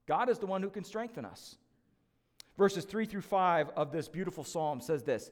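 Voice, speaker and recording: Male lead pastor, very high pitch, conversational and emphatic preaching with joking asides. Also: expressive, normal speed, big-room sound. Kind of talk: sermon.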